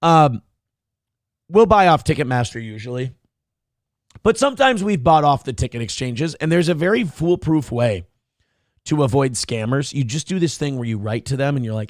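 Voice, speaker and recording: A man's voice: mid-range voice, lively intonation, normal speed, dry recording, clean studio sound. A man hosting a morning show, giving crude, mocking commentary on the news and swearing heavily. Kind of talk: profane comedic news commentary.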